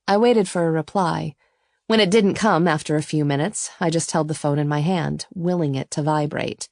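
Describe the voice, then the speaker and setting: A woman with a low, grounded voice reads a romance novel in first person. Her telling is even and intimate, and the recording is close and dry, with no room sound. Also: moderate pace, vocal fry, no echo. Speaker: audiobook narrator.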